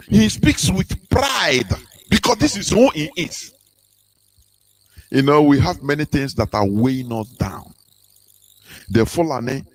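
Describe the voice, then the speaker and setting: A man's voice: fairly high pitch, poor audio. Fervent man lecturing on radio. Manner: fervent, repetitive, rhetorical questions, sing-song rises. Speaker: radio broadcast speaker. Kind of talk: impassioned preaching talk.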